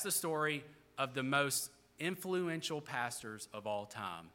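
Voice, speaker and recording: A man's voice: medium pitch, lively intonation, unhurried, pushed and bright, in a large hall. A man preaching a sermon in an earnest, explaining way. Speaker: pastor.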